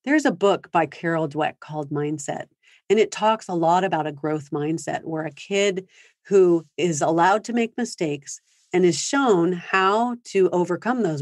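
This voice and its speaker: A woman's voice: lowish voice, no room sound. A woman presenting a parenting seminar over a video call, talking conversationally and acting out sample phrases for parents. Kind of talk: live online seminar talk. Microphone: video call microphone.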